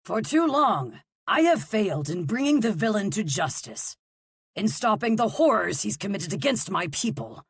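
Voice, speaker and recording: A woman voicing a scheming king who makes grand, booming proclamations. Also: big pitch swings, takes it slowly, fairly bright tone, breathy edge, dry recording, exaggerated voice. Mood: bellowing.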